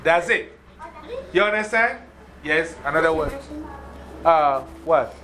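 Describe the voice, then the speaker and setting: A man's voice: fairly high pitch, expressive, slow pace, low-quality recording. A man with an African accent giving a motivational talk to schoolchildren, emphatic and repetitive, often checking that they understand. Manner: emphatic, repeats points and checks understanding with questions. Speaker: guest speaker to schoolchildren. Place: school classroom.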